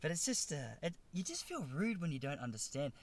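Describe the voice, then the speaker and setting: A man's voice: on the high side, very animated, brisk. An Australian man in his thirties telling a rambling, self-deprecating comedic story as a podcast host. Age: 30s. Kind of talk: comedic monologue.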